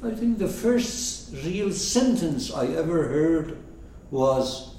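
A man explaining a story in a slow, very lively lecture voice, often checking in with his listeners. He is recorded from a distance in a strongly echoing room, with faint background noise. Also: fairly high pitch. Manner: rhetorical questions, checking in with listeners. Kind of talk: lecture commentary. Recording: echoey room, mic far off.

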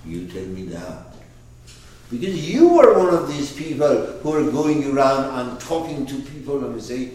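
Slow, animated male teacher in an echoey room. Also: medium pitch, far from the mic. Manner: emphatic, animated, with frequent restarts and repeats. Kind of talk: lecture on a classic poet's book.

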